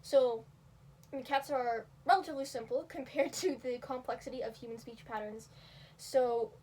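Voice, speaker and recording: A young woman with a high, light voice talks through a casual tutorial, full of "um" and "like" and quick asides at her own expense. She sounds a little away from the mic, with a faint hiss under her voice. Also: a little mellow, distant mic. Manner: rambling, filler-heavy, self-deprecating. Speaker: video creator teaching cat vocals.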